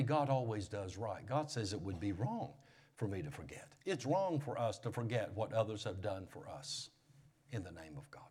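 Preaching man, loud then hushed. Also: lowish voice. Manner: preaching with swings from loud raised emphasis to hushed near-whispers. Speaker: pastor. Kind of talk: sermon.

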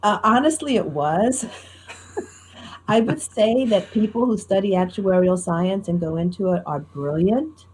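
A middle-aged woman with a faint New Jersey accent, a professional storyteller talking in a lively, self-deprecating way in an interview. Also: mid-range voice, unhurried, a little hiss or hum. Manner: animated, self-deprecating, tells anecdotes with quoted dialogue. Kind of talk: conversational interview.

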